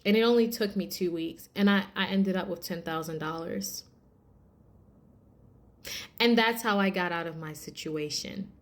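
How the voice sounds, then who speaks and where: Animated woman telling a testimony. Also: medium pitch. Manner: animated, addresses viewers as y'all, acts out quotes. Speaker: vlogger sharing a testimony. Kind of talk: casual storytelling testimony.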